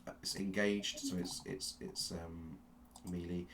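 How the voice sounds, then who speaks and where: A man narrating a tabletop game as game master, telling the story slowly and with suspense, often restarting his sentences. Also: sits low, flat delivery, fairly bright tone, a little hiss or hum. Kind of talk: dramatic second-person narration of a tabletop game.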